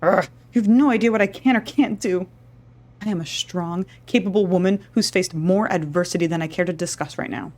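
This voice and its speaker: A woman's voice: lowish voice, brisk, a little mellow, natural voice. A woman reading the lines of a proud older woman who insists on caring for her ailing husband herself, stubborn and then remorseful. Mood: defiant.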